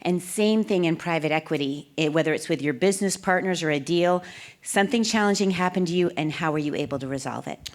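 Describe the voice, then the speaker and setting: A woman interviewing a guest, with a very low voice for a woman. She speaks in a measured way and strings several parts into one long question. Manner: measured, asks long multi-part questions.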